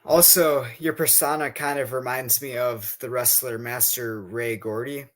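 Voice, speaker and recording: A man's voice: mid-range voice, steady tone, unhurried, fairly bright tone. A man hosting an interview, giving brief agreeing replies and asking long questions. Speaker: interview host.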